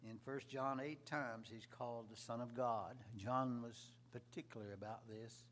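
A male preacher with a mid-pitched voice delivers a sermon a little slowly, with fairly even intonation. His delivery swells loudly and drops quietly, over a faint hum.

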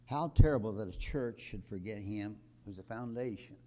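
An older man preaching a sermon to his congregation, building from calm talk to loud emphatic peaks and quoting scripture. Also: on the low side, moderate pace. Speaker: pastor.

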